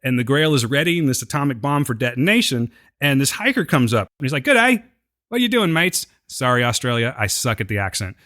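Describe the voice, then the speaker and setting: A male podcast co-host recaps a TV episode in a casual, joking style. His voice is mid-pitched and conversational. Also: fast talker, a bit bright. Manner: chatty, joking, retells scenes.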